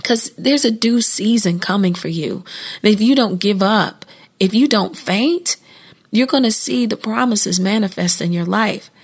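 An earnest woman delivers an informal devotional, her voice in the middle of the usual range for a woman. She keeps it chatty, restarting phrases and laughing now and then, and her pitch leaps up suddenly when something excites her. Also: a little slow, slightly rough. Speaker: podcast host and devotional speaker.

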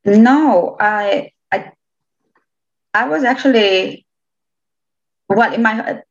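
A woman's voice: fairly high pitch, very slow, gravelly. Young romanian woman, chatty and hesitant, kinda muffled audio. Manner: chatty, hesitant restarts, laughs often. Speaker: interviewee. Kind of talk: casual interview chat. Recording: slightly dull lo-fi sound.

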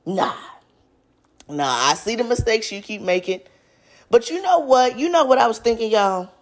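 A woman's voice: on the high side, expressive, moderate pace. A woman in her twenties speaking to viewers in a casual, earnest faith talk, often addressing them as y'all. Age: 20s. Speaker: vlogger.

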